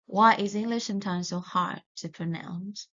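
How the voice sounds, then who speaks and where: A woman teaching English pronunciation in a recorded lesson, speaking slowly and deliberately and correcting herself along the way. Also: medium pitch, steady tone, fairly bright tone. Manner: slow and deliberate, with self-corrections. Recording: dull lo-fi sound.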